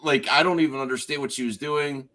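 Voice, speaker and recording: A man's voice: medium pitch, fairly even intonation, fast, pushed and bright. A man hosting a casual spoiler chat over a video call, rambling and restarting his sentences. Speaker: host.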